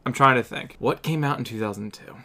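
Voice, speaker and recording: Jokey guy cohosting a podcast, medium voice, quick banter. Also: medium pitch, pushed and bright. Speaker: podcast co-host. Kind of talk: casual chat.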